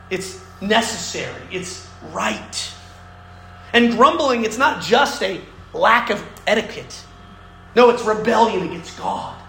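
A man with an unusually high voice preaches with earnest emphasis, pressing his points and asking "right?" as he goes. The sound rings around a roomy, echoey space with a faint hiss underneath. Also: fairly bright tone. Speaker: pastor. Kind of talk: sermon. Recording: echoey room.

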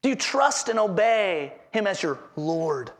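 A man's voice: high voice, big pitch swings, unhurried. A man preaching a sermon as pastor, earnestly repeating his headings and asking the congregation questions.

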